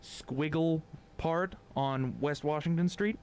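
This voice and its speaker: A man's voice: fairly high pitch, slow pace, a little mellow, a little hiss or hum. A young man hosting a casual college radio chat show, talking in a playful, theatrical, teasing way from a studio. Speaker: podcast host.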